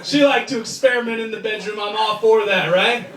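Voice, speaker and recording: A man's voice: sits high, steady tone, brisk, recorded from a distance. A man doing a brash, crude stand-up comedy set in a comedy club before a live crowd. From United States. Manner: brash, crude, mocking punchlines with voiced asides. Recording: roomy club sound, loud crowd laughter.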